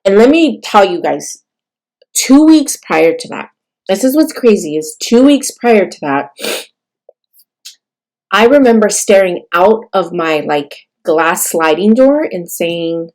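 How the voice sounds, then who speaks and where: A young woman from California tells a personal birth story in a halting, tearful way, full of fillers and restarts. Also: mid-range voice, expressive, a little mellow. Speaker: vlogger sharing a birth story.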